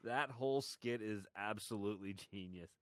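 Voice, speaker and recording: A man's voice: fairly low pitch, normal speed, a bit bright, no echo. A man co-hosting a podcast, chatting casually and retelling crude jokes with lots of laughter. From Canada. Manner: laughing, crude joke-telling. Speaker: podcast co-host. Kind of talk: casual chat.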